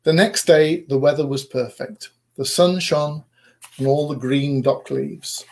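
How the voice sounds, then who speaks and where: Sex: man. Role: storyteller. Style: storybook reading. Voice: gravelly, a bit high. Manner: measured, expressive.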